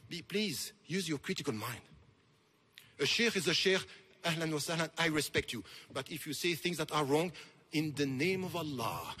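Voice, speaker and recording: A man's voice: fairly high pitch, breathy edge. A man, giving an impassioned, emphatic conference lecture. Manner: impassioned, emphatic, rising to forceful peaks. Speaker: speaker. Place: large lecture hall.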